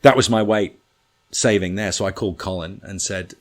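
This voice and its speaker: Low-voiced man spinning comic yarns. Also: normal speed. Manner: animated, profane, comic storytelling. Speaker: guest storyteller. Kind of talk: casual anecdote telling.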